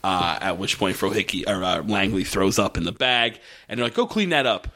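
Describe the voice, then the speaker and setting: A man's voice: deep voice, expressive, a little fast, pushed and bright. Profane, rambling man recapping a show. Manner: profane, rambling, with many fillers and restarts. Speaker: podcast co-host. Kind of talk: casual chat recapping a show.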